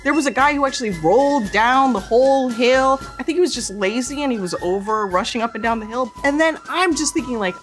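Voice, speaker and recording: A woman's voice: high voice, normal speed, faint music behind. A woman telling a comic anecdote about her first job, acting out the people in it. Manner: lively, acts out quotes in voices. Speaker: storyteller.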